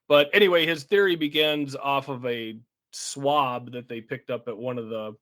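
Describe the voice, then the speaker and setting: Man, podcast co-host, relaxed chatty recap, medium pitch. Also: normal speed. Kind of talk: casual chat.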